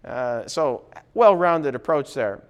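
A man's voice: medium pitch, very animated, slow pace, smooth, dull audio. A man teaching a recorded Bible class in a conversational way, often checking in with his listeners. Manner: conversational, frequent "okay?" check-ins.

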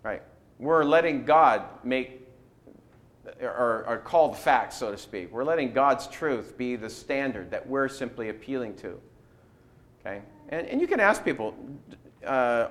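A man's voice: mid-range voice, big pitch swings, unhurried, a bit bright. A man teaching a Bible class who poses rhetorical questions and acts out quoted replies.

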